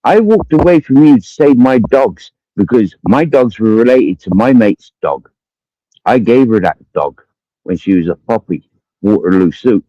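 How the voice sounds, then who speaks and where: A man's voice: mid-range voice, lively intonation, normal speed, no room sound. Swearing Cumbrian man ranting. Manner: accusatory, swearing constantly, repeats himself. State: drinking during the stream. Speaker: livestreamer. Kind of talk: angry profane rant. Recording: dull lo-fi stream audio.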